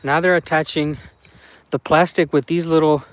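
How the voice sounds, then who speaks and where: A man's voice: a little high, steady tone, normal speed, a little hiss or hum. A man chatting casually on a live stream outdoors in a garden, rambling with many fillers and greeting viewers.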